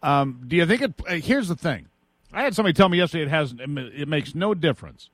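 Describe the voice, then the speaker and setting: A man's voice: fairly high pitch, lively intonation, quick pace, no echo. A man hosting a political talk radio show, opinionated and chatty, laughing now and then.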